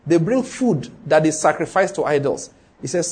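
A man's voice: a little high, animated, fairly quick, darkish tone, husky. A man with a Nigerian accent preaching a sermon, emphatic and full of rhetorical questions, acting out the people in his story.

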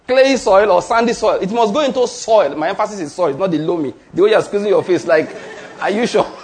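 A man's voice: sits high, brisk, a little mellow, a faint crowd. A man preaching a sermon, emphatic and drawing answers from the congregation. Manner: emphatic call-and-response preaching. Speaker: pastor.

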